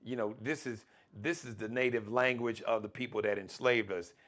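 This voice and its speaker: A man's voice: mid-range voice, moderate pace, fairly bright tone. A man from the United States hosting a live talk show, speaking emphatically and often repeating words as he starts a point. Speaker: host.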